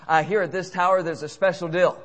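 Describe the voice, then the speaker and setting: Thrilled pushy guy, as a preacher puts him on, high eager voice, echoey hall. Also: fairly even intonation, a little fast, fairly bright tone. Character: excitable young man, pushy and thrilled.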